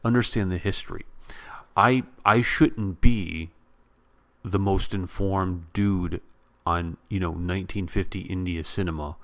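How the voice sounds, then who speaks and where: Animated man ranting to camera. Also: low voice, unhurried. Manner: animated, repetitive, addresses viewers directly. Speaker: YouTube vlogger. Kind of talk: casual on-camera rant. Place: home room near a bedroom.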